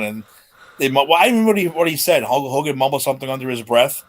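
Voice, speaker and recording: A man in an easygoing podcast conversation, his voice sitting in an ordinary middle pitch. He tells stories with lots of energy, slipping into the voices of the people he quotes, and breaks into laughter along the way. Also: fast talker. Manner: animated retelling, acts out quoted lines, laughs often. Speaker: podcast host. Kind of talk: casual chat.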